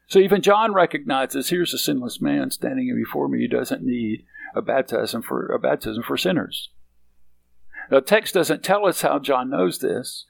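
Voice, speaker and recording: A man's voice: mid-range voice, vocal fry, poor audio. A man preaching a sermon, reading scripture and then explaining it emphatically, often checking in with his listeners. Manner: emphatic, repeats points, frequent "okay?".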